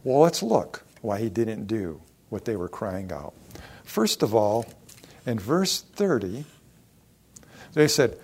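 Slow-speaking male preacher. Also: on the low side, big pitch swings, breathy edge. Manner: acts out the mockers' taunts, swings from loud to hushed. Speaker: pastor. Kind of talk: sermon.

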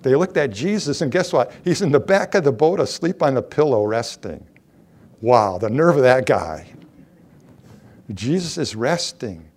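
A man's voice: medium pitch, big pitch swings, measured pace, darkish tone, husky. A middle-aged man preaching a sermon, asking rhetorical questions and reading scripture aloud.

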